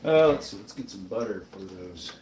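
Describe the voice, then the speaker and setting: Man, sleepy, rambling cooking-stream host; lowish voice, picked up from across a roomy kitchen with faint background hum. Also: expressive, moderate pace, darkish tone. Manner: rambling, chatty, talks to his chat between tasks. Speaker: live streamer cooking breakfast. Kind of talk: casual live-stream chat while cooking. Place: home kitchen, indoors. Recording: roomy kitchen, mic off at a distance.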